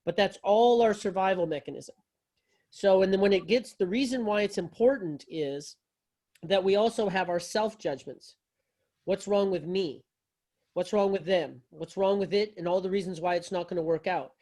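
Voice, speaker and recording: A man's voice: high voice, normal speed, darkish tone. A man teaching yoga philosophy to a class, talking loosely and conversationally, with folksy phrasing and frequent restarts.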